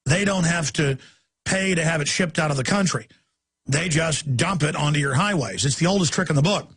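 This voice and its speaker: A man's voice: fairly high pitch, fairly bright tone, slightly rough. A man hosting a talk radio show, ranting emphatically in a long monologue. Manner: ranting, emphatic, rapid-fire asides.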